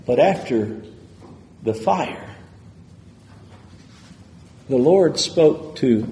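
A man's voice: mid-range voice, expressive, extremely slow, pauses often, mellow, slight background noise. A man preaching a sermon in a church with an emphatic, repetitive cadence. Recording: echoey hall with long reverb.

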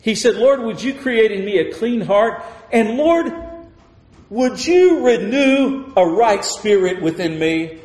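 Male preacher, high voice, impassioned and pleading, reverberant sanctuary sound. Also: animated, slow pace. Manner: impassioned, swings from loud pleading to hushed near-murmur. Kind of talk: sermon. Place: church sanctuary. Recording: echoey hall with long reverb.

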